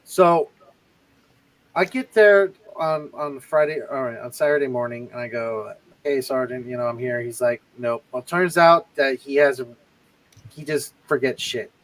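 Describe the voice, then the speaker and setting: A man's voice: medium pitch, measured pace, poor audio. A man casually telling army stories on a livestream, swearing freely and acting out the people he quotes. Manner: profane, animated anecdote-telling with quoted voices. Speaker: livestream co-host, army veteran. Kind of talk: casual storytelling chat.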